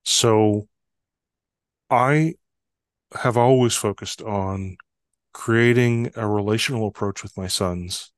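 A man on a podcast talks in a calm, measured way, reflecting on trust. His voice sits on the low side and is recorded dry, close to the microphone. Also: dry recording. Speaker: podcast guest, trust expert. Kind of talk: reflective conversation.

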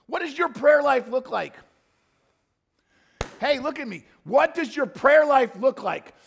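A male pastor delivering a sermon with a high-pitched, gravelly voice. He jokes casually with the congregation, then builds up into fervent, shouted pleading. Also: expressive, normal speed. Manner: swings from soft asides to fervent shouted pleading prayers; conversational, joking with the congregation.

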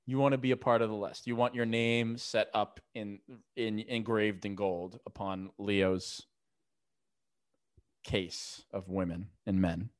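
A man's voice: fairly low pitch, flat delivery, measured pace. A man co-hosting a podcast in casual, crude, rambling chat, sleepy and full of fillers. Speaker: podcast co-host.

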